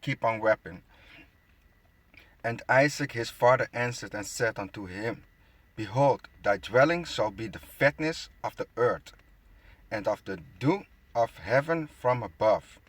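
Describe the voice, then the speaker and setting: Reading scripture a little slowly in a mid-range voice, a man acting as bible teacher comments along the way, tripping over words and adding mocking remarks. The recording is a close, dry phone screen capture.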